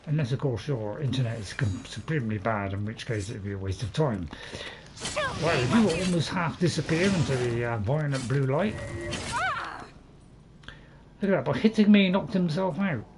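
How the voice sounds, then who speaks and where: A man's voice: medium pitch, animated, moderate pace, background noise. A man hosting a casual let's-play, rambling and chatting to his viewers as he plays. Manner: rambling, self-admitted waffler; chatty, talks to viewers in chat. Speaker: gaming channel host.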